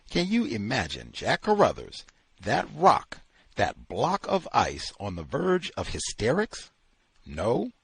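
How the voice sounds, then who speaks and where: Husky, dramatic male reader. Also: medium pitch, no echo. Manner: expressive, dramatic storytelling. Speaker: host reading a novel aloud. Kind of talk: reading a novel aloud with commentary.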